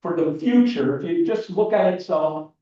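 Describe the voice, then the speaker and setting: This man's voice is a little high and warm, and he speaks expressively at normal speed. He judges photo competition entries on a video call, eagerly explaining and restarting a lot, with echoey, distant, muffled audio.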